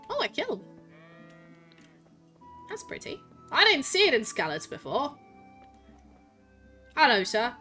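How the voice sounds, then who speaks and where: Bright, brash woman streamer. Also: on the high side, very animated, normal speed, pauses often, soft background music. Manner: brash, swearing, playful. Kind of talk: live game commentary.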